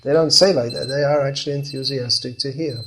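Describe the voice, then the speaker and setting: A man's voice: medium pitch, fairly even intonation, fast, background noise. A man giving a scripture class in a conversational way, often acting out the replies of the people he describes. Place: class in Bangalore.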